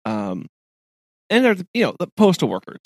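A man co-hosting a podcast, chatting casually in an animated way with frequent laughs and restarts. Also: fairly high pitch, moderate pace, no room sound, clean studio sound. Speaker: podcast co-host.

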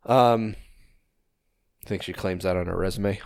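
A man's voice: sits low, fairly even intonation, a little slow, creaky, no echo, clean studio sound. A man co-hosting a podcast in casual chat, laid-back and full of fillers, swearing now and then. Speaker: podcast co-host.

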